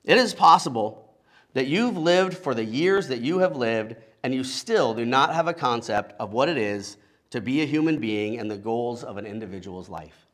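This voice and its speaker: A middle-aged male pastor preaching a relaxed, conversational sermon, with joking asides and frequent "right?" checks to the congregation. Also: mid-range voice, moderate pace. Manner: casual, humorous asides, frequent rhetorical "right?".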